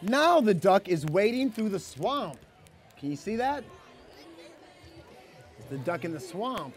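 Man, storybook reader, very high voice, lively swooping delivery, outdoor event, faint music in the background. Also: takes it slowly, a faint crowd. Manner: playful, calls out questions to the kids. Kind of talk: lively read-aloud to a young crowd.

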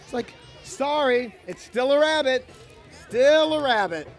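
A man reads a picture book to kids at an outdoor event in a very high, expressive voice at a measured pace. He plays with the young audience and calls out questions, while faint music and a faint crowd can be heard behind him.

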